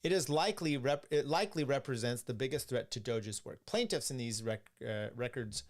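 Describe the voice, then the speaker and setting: A man's voice: medium pitch, fairly quick. A man hosting a political podcast, reading articles and viewer questions aloud and commenting in a blunt, rambling way with many restarts and some swearing. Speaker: podcast host.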